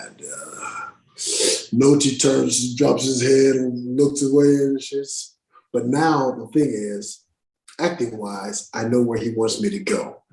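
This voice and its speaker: Profane, animated male actor in a roomy studio. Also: medium pitch, slow. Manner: profane, animated anecdote-telling with slang. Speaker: actor guest. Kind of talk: casual storytelling interview. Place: podcast studio room.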